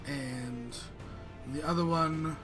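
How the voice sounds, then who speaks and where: A man running a tabletop game, narrating at a measured pace with occasional hesitation. His voice is slightly high, and music plays clearly behind him. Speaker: game master.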